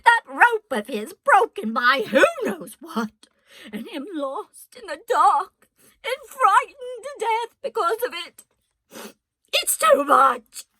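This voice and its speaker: A woman voicing a tearful, bossy female castle cook who wails and sobs in a high, loud voice. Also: sing-song, slow pace, dry recording, full character voice. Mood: distraught. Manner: wailing, shrill, sobbing.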